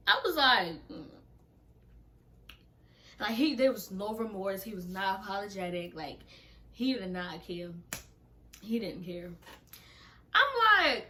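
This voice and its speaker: A woman's voice: medium pitch, measured pace, pauses often. A young woman telling a casual storytime vlog, acting out her own texts and going off in heated bursts. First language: Nigerian heritage, speaks English. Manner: animated, acts out her texts and goes off in bursts.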